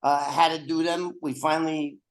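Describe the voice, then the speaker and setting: A man's voice: on the high side, little pitch movement, moderate pace, low-quality recording. An older man hosting a podcast over a video call, chatting casually with rambling, joking asides. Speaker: podcast host.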